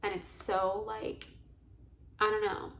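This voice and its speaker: A woman's voice: mid-range voice, level tone, takes it slowly, fairly bright tone, reverberant, poor audio. A young woman telling a personal story to camera in a chatty, earnest way, often saying "like". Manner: chatty, heavy use of "like", earnest and emotional. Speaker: vlogger.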